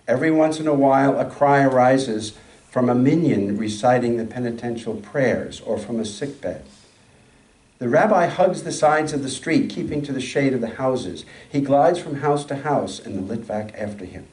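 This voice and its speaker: A man at a mid pitch tells a story slowly and steadily during a sermon. His voice echoes through a large room and sounds distant from the microphone. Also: a little mellow. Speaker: speaker. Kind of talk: sermon with a read-aloud story.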